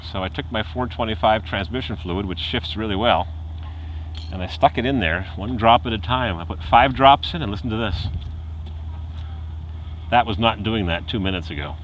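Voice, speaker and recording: A man's voice: on the low side, normal speed, a bit bright, a little hiss or hum, poor audio. A man casually telling a rambling car repair story outdoors at night, chuckling and imitating the noises the car makes. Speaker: car hobbyist vlogger.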